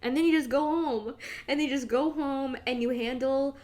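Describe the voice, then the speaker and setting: A woman's voice: high-pitched, normal speed, darkish tone. A young woman hosting her own podcast, rambling casually, swearing and laughing as she goes. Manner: chatty, rambling, swears freely, laughs often. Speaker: podcast host. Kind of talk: casual solo podcast monologue.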